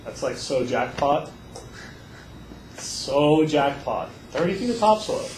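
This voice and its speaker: A male teacher giving a lively classroom lecture, telling stories and acting out voices. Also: on the high side, takes it slowly, recorded from a distance. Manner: animated storyteller, acts out voices. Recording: echoey classroom with faint noise.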